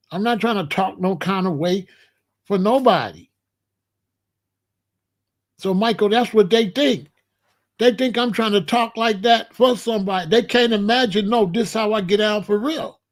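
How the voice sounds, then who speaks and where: Hosting his own show, a sixties-aged man delivers a loose, casual monologue in a high voice. He drives his points home emphatically, going over things again and stretching his words out.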